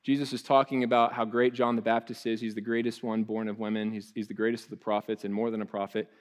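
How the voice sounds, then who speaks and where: A man's voice: lowish voice, little pitch movement, fast. A male pastor, preaching a sermon in a loose, conversational way with frequent restarts and asides.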